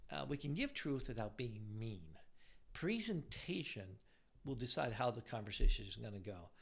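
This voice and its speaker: A man's voice: mid-range voice, very animated, moderate pace, creaky, a bit bright. An older man, married for decades, giving casual relationship advice, rambling with frequent restarts.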